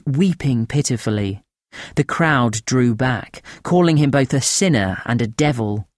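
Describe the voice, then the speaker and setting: Slow, grave male storyteller. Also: mid-range voice, animated, no room sound, studio quality. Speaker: narrator. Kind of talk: first-person audiobook narration.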